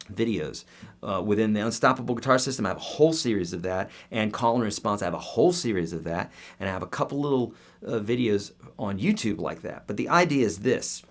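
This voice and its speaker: A man in his thirties, a guitar teacher answering viewer questions in a casual, upbeat live-stream lesson. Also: on the low side. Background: guitar playing.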